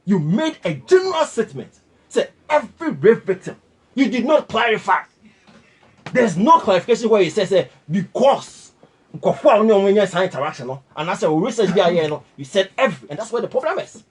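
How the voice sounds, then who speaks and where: A man's voice: high-pitched, sing-song, fairly quick, husky. A Ghanaian man on a talk panel, criticizing firmly and switching between English and Twi. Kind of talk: heated panel discussion.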